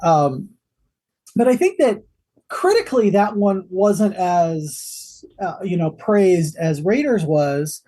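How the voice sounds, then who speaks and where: A man's voice: high-pitched, very animated, takes it slowly, dark tone, breathy edge. A man co-hosting a movie podcast over a call, rambling with many fillers and dry sarcasm. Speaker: podcast co-host. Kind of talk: casual podcast chat. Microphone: video call.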